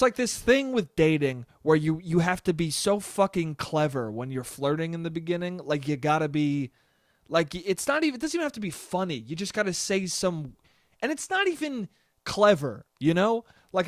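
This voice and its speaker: A young man talks through a solo podcast monologue, slightly high-voiced and loose, swearing freely and cracking himself up. The sound is dry and close, with no room in it. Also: no room sound. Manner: rambling, profane, laughs often. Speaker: podcast host.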